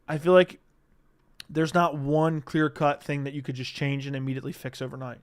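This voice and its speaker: A man's voice: a little high, little pitch movement, a little fast, smooth, no echo, clean studio sound. A young adult man hosting a live stream, chatting casually and profanely while reading out viewer comments. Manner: casual, profane, reads chat comments aloud. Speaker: livestream host.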